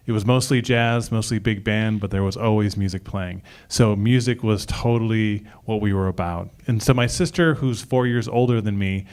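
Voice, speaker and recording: A man from the Detroit area telling a personal story on stage in a relaxed, conversational way. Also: fairly low pitch, smooth. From Detroit area, USA.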